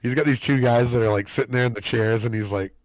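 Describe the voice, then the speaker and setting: A man's voice: medium pitch, fairly even intonation, fast, no echo. A man co-hosting a podcast, chatting casually, swearing a lot and acting out voices as he tells stories. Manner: swearing, storytelling, mimics voices. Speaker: podcast co-host. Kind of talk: casual chat.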